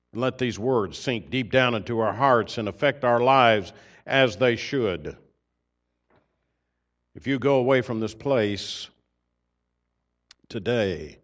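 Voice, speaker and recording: A man preaching a sermon through a microphone in a church, earnest, growing loud on key points and dropping soft between them. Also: fairly low pitch, muffled recording. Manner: earnest, swells louder on key points then drops soft. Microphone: microphone system.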